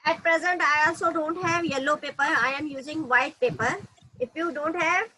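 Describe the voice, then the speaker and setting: A woman with an Indian accent teaching an online class to small children, speaking slowly and simply and coaxing them along. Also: sits high, bright, forceful tone, slight background noise, rough recording. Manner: slow, simple coaxing speech to toddlers.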